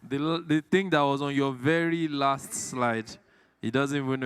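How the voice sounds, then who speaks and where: A man's voice: mid-range voice, fairly even intonation, moderate pace, a bit bright, clean tone, dry recording. A man, emceeing a live industry event in a playful, teasing way. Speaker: event master of ceremonies.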